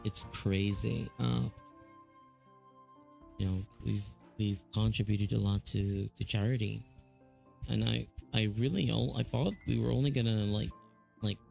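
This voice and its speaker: A man's voice: lowish voice, fairly even intonation, unhurried, vocal fry, pauses often, darkish tone, faint music behind. A man with a Filipino accent chatting casually on a live stream, rambling with lots of fillers and restarts.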